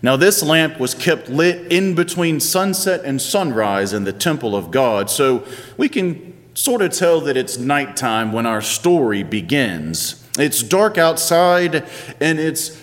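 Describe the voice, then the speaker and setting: A man's voice: a little high, big pitch swings, takes it slowly, in a large hall. A man in his thirties, a pastor giving a sermon in a conversational, playful storytelling manner.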